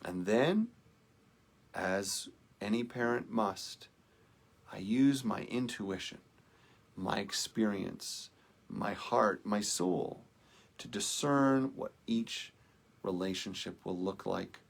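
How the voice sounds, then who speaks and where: A man giving a sermon as minister, speaking in a slow, measured, contemplative way with soft trailing phrases. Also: fairly low pitch, vocal fry.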